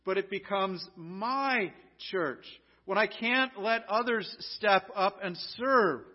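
American male pastor, high voice, earnest sermon with restarts, muffled lo-fi recording. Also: takes it slowly. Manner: earnest, rhetorical questions, frequent restarts. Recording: dull lo-fi recording.

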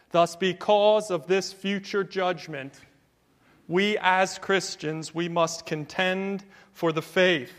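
A man's voice: high voice, in a large hall. A man preaching a sermon as pastor, with an emphatic cadence built on repetition.

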